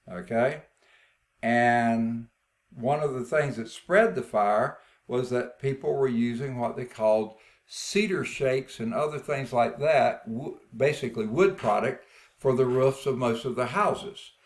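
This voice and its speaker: A man gives a geology lecture at an unhurried pace, with a gravelly edge in his voice. He talks in a folksy way, thinks aloud as he goes and keeps checking in with his students. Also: medium pitch. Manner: folksy, checks in with frequent "okay?"; thinks aloud, admits uncertainty. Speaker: geology instructor. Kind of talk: classroom lecture with rock samples.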